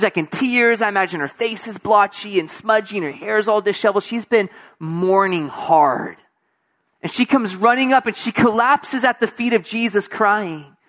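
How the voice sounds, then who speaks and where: A man preaching a sermon, moving between soft, hushed passages and raised, emphatic stretches, with casual asides and acted-out voices of people in the story. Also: high voice. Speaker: pastor.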